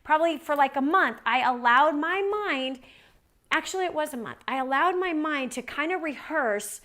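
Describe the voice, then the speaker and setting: Her high, somewhat bright voice is expressive and moves at a moderate pace as this Christian woman preaches a storytelling sermon. She talks conversationally, repeating phrases to stress them and adding tag questions like "right?"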